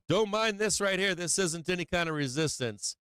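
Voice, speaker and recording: A man's voice: high-pitched, expressive, measured pace, a bit bright, smooth, no room sound. A man hosting a casual stock market livestream, brash and profane, talking prices and trading levels. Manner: brash, profane, whooping and laughing.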